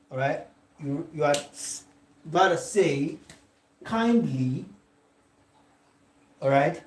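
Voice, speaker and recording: A man with a Nigerian English accent lectures a class, dictating at a very slow pace and repeating each example word by word. His voice sits a little high. The room around him is roomy and echoing. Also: darkish tone. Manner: slow and dictating, checks in with "all right?" after nearly every phrase; repeats example sentences word by word for note-taking. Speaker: tutor. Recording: echoey room.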